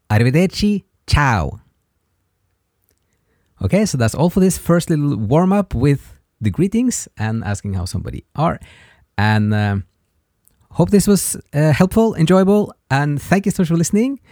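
A man hosting a podcast and teaching a language lesson, patiently repeating short phrases slowly for listeners to practice. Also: mid-range voice, darkish tone, dry recording, clean studio sound. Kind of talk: slow spoken language lesson.

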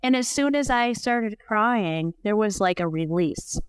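A woman's voice: medium pitch, animated, a little slow, clear, resonant tone, no room sound. A middle-aged woman speaking as a podcast guest, telling her story in an open, reflective, conversational way. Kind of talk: candid conversational chat.

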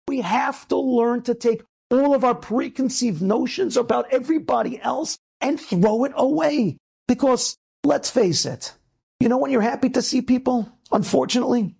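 Rabbi, male, gravelly and husky, animated storyteller who builds to emphatic calls. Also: extremely high pitch, moderate pace. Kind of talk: inspirational talk.

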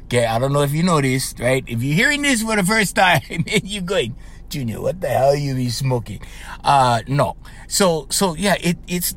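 A man's voice: on the high side, a bit bright. A middle-aged man with a Hawaiian Pidgin-tinged accent, rambling casually as a life coach podcast host and tagging lines with "right?". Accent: Hawaiian Pidgin-tinged English. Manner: rambling, conversational, frequent "right?" tags; laughs often while telling stories. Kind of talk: casual monologue.

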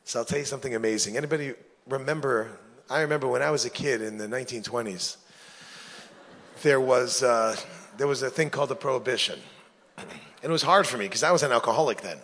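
A man from New York telling a long comic story, lively and acting out each character. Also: medium pitch, fast, long pauses, husky. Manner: lively, acts out every character. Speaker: comedian. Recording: long reverb of a hall.

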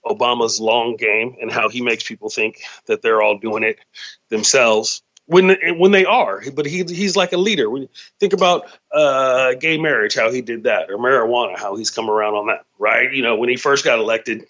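A man's voice: medium pitch, normal speed, fairly bright tone. A man talks in a loose, profane comedic monologue, riffing from one thought to the next as the host of his own show. His middling voice comes through a slightly dull, lo-fi recording.

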